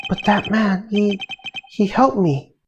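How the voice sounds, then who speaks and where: A woman voicing a hysterical male clown villain in a game voice-over, shrill and panicked. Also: takes it slowly, lo-fi sound, noisy background, lightly acted. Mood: self-pitying. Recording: game music behind voice.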